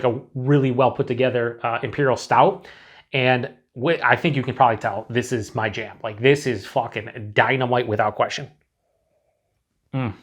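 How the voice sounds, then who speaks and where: Chatty, swearing man reviewing beer. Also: mid-range voice. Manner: chatty, rambling, swears freely. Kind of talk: casual tasting review to camera.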